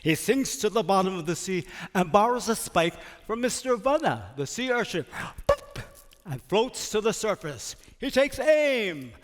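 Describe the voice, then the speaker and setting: An older man telling a folktale on stage, slow, dramatic and expressive. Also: high voice. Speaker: storyteller. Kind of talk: theatrical folktale storytelling. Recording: reverberant stage hall.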